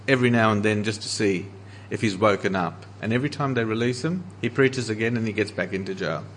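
A man's voice: fairly low pitch, a little hiss or hum. Earnest man preaching. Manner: earnest preaching, slowing for emphasis on scripture quotes. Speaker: pastor. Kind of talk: sermon.

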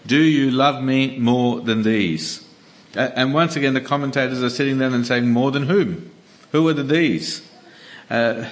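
A man gives an easygoing, conversational sermon in an ordinary middle-pitched voice with a fairly bright tone. He often stumbles into small restarts and fillers as he works through his point, and he slows down when reading scripture.

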